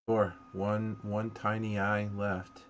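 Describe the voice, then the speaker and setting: Low-voiced man running a tabletop game. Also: level tone, slow pace, muffled recording, slight background noise. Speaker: game master.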